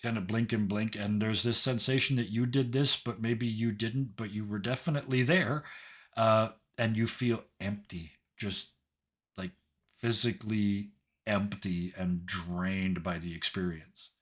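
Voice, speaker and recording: A man running a tabletop game, narrating the scene and thanking his players in a chatty, animated way with many fillers. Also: on the low side, unhurried. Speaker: game master.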